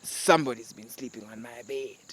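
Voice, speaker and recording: A man's voice: mid-range voice, brisk, a bit bright, husky. A man voicing a father bear in his own everyday voice while telling a storybook tale. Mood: grumbling.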